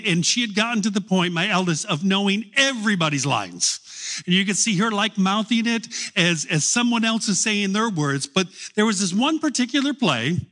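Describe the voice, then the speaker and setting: A middle-aged man preaching a sermon, telling stories slowly with long pauses. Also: sits high, pushed and bright. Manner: slow storytelling with long pauses.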